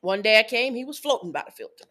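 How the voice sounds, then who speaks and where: A woman's voice: on the high side, quick pace. A woman in her thirties, a podcast co-host, telling a story in casual chat and acting out what her kids and her ex said. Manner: animated, acts out quotes of her kids and ex.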